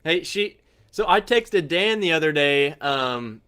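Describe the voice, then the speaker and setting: A man's voice: on the high side, lively intonation, slow, sharp tone, smooth. A man hosting a casual livestream chat, who laughs often and stumbles over his first words. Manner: laughs often, repeats words when starting. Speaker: livestream host.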